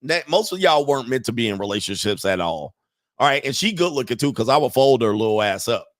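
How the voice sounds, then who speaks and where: A man's voice: medium pitch, animated, fast talker, dry recording, clean studio sound. A middle-aged man hosting a commentary show, reacting to interview clips in a blunt, slangy, profane way. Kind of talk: casual commentary.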